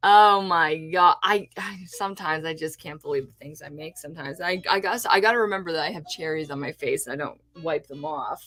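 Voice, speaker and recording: A woman's voice: sits low, normal speed, fairly bright tone, no room sound. A woman from California, chatting casually on a livestream while showing fake food crafts, rambling with many restarts and sounding delighted by her own work. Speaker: streamer and fake food artist.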